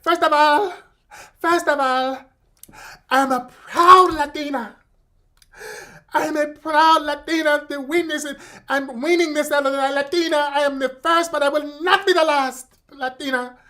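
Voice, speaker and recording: A man mocking a gushing Latina actress giving an award speech, in a high exaggerated voice with a put-on Spanish-tinged lilt. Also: sharp tone.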